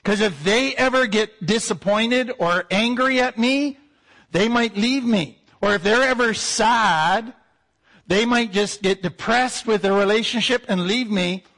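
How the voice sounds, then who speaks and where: A man, a therapist, giving an explanatory lecture, slowing down to stress key points. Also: high voice, sharp tone, low-quality recording. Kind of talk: teaching lecture.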